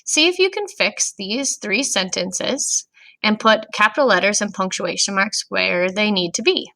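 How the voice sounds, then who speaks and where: A woman teacher giving a recorded grammar lesson to children, speaking clearly and patiently to young students. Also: medium pitch, animated, a little slow, bright, forceful tone, poor audio.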